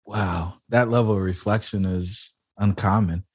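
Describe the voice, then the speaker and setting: A man hosting a podcast, speaking quickly and eagerly as he praises and questions his guest. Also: fairly low pitch, steady tone, slightly rough, dry recording, studio quality. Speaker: podcast host. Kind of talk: casual interview chat.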